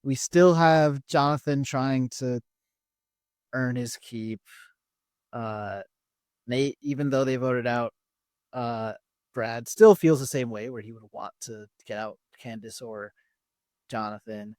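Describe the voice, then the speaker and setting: Guy recapping on a podcast, mid pitch, kinda hesitant, dry mic. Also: darkish tone, no room sound. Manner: measured, hesitant, many "uh" fillers. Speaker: podcast co-host. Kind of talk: casual chat, recapping episodes.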